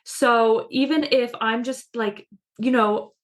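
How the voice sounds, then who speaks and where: A woman's voice: on the high side, fairly even intonation, slow. A woman co-hosting a casual spiritual podcast, chatty and self-mocking, laughing often as she talks. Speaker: podcast co-host. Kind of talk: casual chat.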